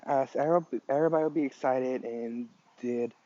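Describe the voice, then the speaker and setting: A man improvising a fan story aloud, halting often with fillers. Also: mid-range voice, mellow, no room sound. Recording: dull lo-fi recording.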